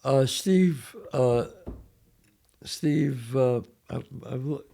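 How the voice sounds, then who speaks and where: A man's voice: mid-range voice, extremely slow, vocal fry. An older man hosting a podcast, chatting casually and acting out lines when he tells stories. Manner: animated storyteller, acts out quoted lines. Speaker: podcast host. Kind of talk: casual chat.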